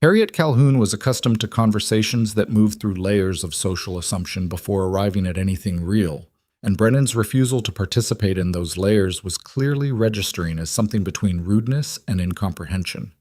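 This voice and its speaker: A man narrates a frontier story in a measured, even storytelling manner, and his voice sits on the lower side. The recording is dry and close, with no room sound. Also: dry recording.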